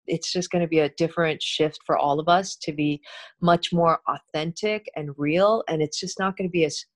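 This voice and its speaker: A middle-aged woman, a TV host, chatting in an interview in an animated way, laughing often and restarting her sentences. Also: sits low, moderate pace. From Korean heritage. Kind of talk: casual interview chat.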